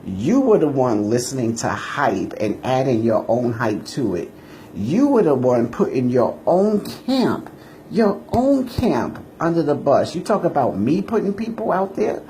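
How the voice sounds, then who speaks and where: A man's voice: medium pitch, sing-song, a little slow, dark tone, slight background noise. A man delivering a combative, indignant monologue aimed at a rival, repeating his points over and over. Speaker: martial arts teacher answering a rival. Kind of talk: ranting monologue video.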